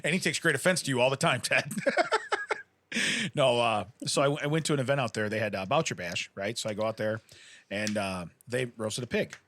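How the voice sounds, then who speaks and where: A man's voice: mid-range voice, brisk, a bit bright. A middle-aged man co-hosting a podcast, telling a rambling story in casual chat, laughing often and acting out what people said. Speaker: podcast co-host.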